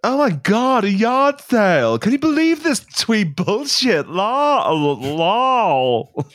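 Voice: medium pitch, sing-song, takes it slowly. A podcast co-host voicing a rude, spoiled teenage girl with a put-on Valley Girl accent, drawling and sneering.

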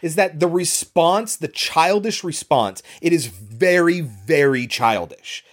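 A man co-hosting a film podcast, blunt and opinionated, with frequent swearing. His voice sits a bit high and swings widely in pitch. He talks in a casual, animated way. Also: takes it slowly. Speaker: podcast co-host.

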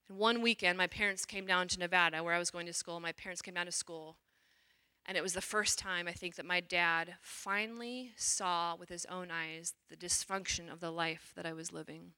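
Bright-voiced religious sister telling her story. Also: fairly low pitch, moderate pace, smooth. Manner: animated storyteller, acts out quotes. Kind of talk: personal testimony talk.

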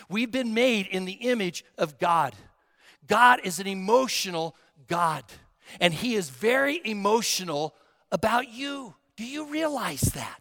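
A male pastor preaching a sermon, emphatic and dramatic, dropping to a hush and then rising to a shout. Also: high voice, vocal fry, long reverb tail. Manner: emphatic, swinging from hushed to shouting.

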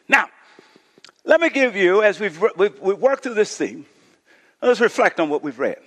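Male pastor, high-pitched preaching voice, scripture reading and call-and-response, long hall reverb. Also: moderate pace. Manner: preaching, calls on the congregation to shout responses; reads scripture, voicing the complaining crowd with rising intensity. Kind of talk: sermon.

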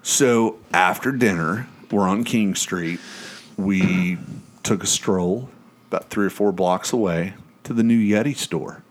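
A man's voice: low voice, takes it slowly, a little hiss or hum. A man, telling a long rambling story on a podcast, swearing freely and acting out what people said. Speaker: podcast host. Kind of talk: casual chat.

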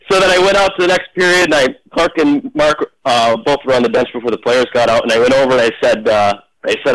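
A man, a former referee, telling stories casually in an interview, animated and full of restarts. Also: mid-range voice, fast, poor audio. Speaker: hockey officiating manager, former referee.

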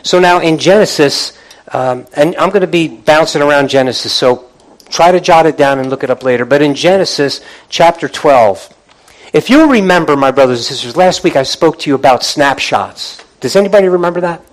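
A male pastor preaches fairly quickly, often restarting and repeating words as he calls out to the congregation. When he gets fired up, his pitch and volume rise. The audio quality is poor.

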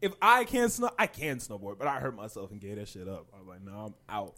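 A man's voice: on the low side, lively intonation, fast, bright, forceful tone. A young man in casual chat with friends, retelling a story with a lot of swearing and frequent laughter.

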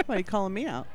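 A comedy podcast co-host who reacts with disbelief and laughs often. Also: medium pitch. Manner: incredulous, exclaims and laughs a lot. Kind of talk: casual comedy chat.

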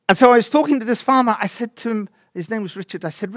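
An older man, preaching and telling his own story of faith as an animated storyteller who acts out dialogue and sometimes drops almost to a whisper. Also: high-pitched, normal speed, long pauses, no echo, clean studio sound. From England. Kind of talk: personal testimony in a sermon.

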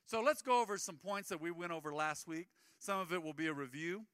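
A man's voice: a little high, brisk, a bit bright, clear, resonant tone, no room sound, studio quality. A man preaching a sermon as pastor, conversational and acting out the people he quotes.

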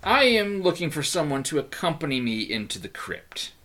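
A man voicing a tall, dour male priest who keeps a graveyard, speaking in a deep, slow monotone. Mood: solemn.

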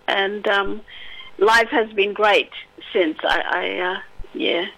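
An Australian woman with a bright, clear-edged voice, speaking as a poet guest. She reads her verse steadily, then talks in a soft, halting way full of ums and restarts. Her pitch sits at an everyday middle level. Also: fairly even intonation, rough recording. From Western Australia. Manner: soft-spoken, hesitant with many fillers when chatting. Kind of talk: poetry reading and casual interview chat.

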